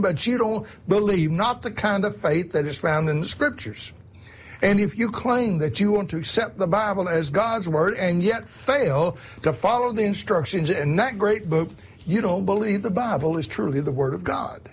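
A man preaching a sermon in an earnest, repetitive way, often calling his listeners "my friends". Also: on the high side.

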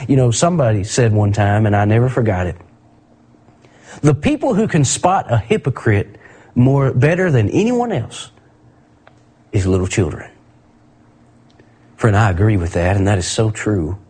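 A middle-aged man delivers a sermon in a slightly husky, breathy voice at a mid pitch. He tells stories earnestly and stretches key words slowly for emphasis. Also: big pitch swings, darkish tone. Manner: earnest, storytelling with slow emphatic drawn-out phrases. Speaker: preacher.

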